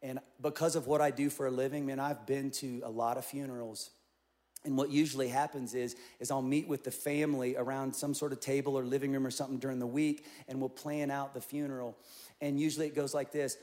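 A middle-aged male pastor preaching a sermon, telling a story with lively acted-out quotes. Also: mid-range voice, fairly quick. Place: large church auditorium.

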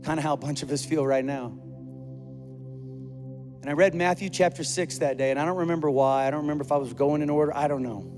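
Pastor with a slightly high voice. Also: male voice, steady tone, quick pace, a little mellow. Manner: conversational storytelling, acting out quoted dialogue. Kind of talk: sermon. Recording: long hall reverb with faint music.

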